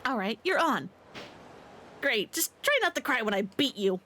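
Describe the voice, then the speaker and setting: A woman's voice: a little high, big pitch swings, moderate pace, pushed and bright, a little hiss or hum. A woman voicing a haughty, boastful young female rival idol in a snide, bossy way, reading game dialogue aloud on a stream. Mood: scornful.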